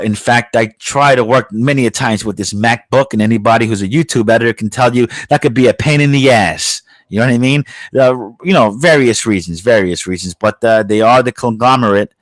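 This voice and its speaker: A profane man from New York, who hosts a podcast, rants in a medium-pitched voice with no room sound. His casual rant is blunt and heated.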